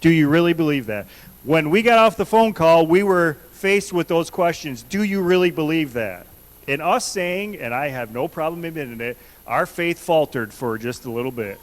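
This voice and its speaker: In a church sanctuary, a man delivers a conversational sermon, earnestly repeating questions to the congregation. His voice is on the high side and animated, moving at a moderate pace, and the recording is rough.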